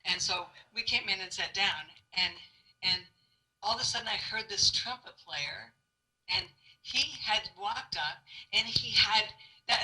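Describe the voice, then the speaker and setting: A middle-aged woman tells her life story to students with a strikingly bright, ringing voice. She jumps into the voices of the people in her story and laughs as she goes, keeping things lively and personal. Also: mid-range voice, low-quality recording. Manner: animated storytelling, acting out quotes with laughter. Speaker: guest speaker. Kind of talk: testimony sermon to students.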